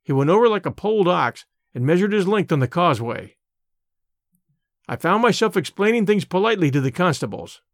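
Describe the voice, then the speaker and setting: A man narrating an audiobook in a measured storytelling way. His voice sits somewhat high for a man. The recording is dry and close, with no room sound. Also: sing-song, no echo.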